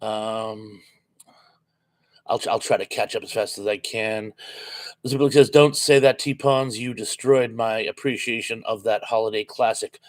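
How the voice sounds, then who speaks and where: A man's voice: fairly low pitch, fairly even intonation. Man hosting a live chat. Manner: chatty, reads viewer comments aloud and answers them with quick asides. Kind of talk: reading out live chat comments.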